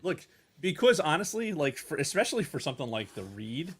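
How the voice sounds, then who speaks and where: A man co-hosting a comedy podcast in casual chat, animated and emphatic, swearing often. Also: on the high side, brisk, slightly rough. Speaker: podcast co-host.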